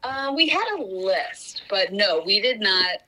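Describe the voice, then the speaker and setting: A woman's voice: medium pitch, expressive, unhurried, bright, forceful tone, poor audio. A woman in her thirties calling into a podcast, easygoing and chatty. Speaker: caller, guest on phone. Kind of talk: casual phone chat.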